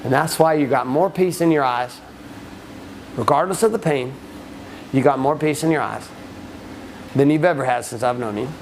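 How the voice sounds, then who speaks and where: A man's voice: normal speed, gravelly, pauses often, slight background noise, low-quality recording. A man coaching a men's group in blunt, profane talk, often acting out what people say. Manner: swears often, shifts into acted quotes, lively pitch.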